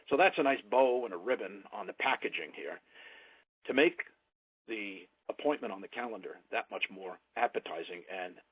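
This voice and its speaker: A man's voice: deep voice, breathy edge, no echo. Emphatic man coaching sales calls. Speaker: sales trainer. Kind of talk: instructional talk. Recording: tinny phone-like sound.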